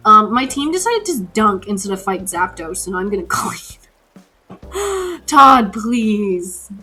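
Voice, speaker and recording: Animated breathy-voiced woman streamer. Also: medium pitch, slow pace, soft background music. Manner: rambling, chatty, excitable with gasps and laughs. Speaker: livestream host. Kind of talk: casual stream chat while gaming.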